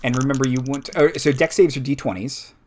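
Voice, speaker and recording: A man's voice: medium pitch, fairly even intonation, fast talker, darkish tone, a little hiss or hum. A man running a tabletop game as game master, describing scenes with lots of fillers.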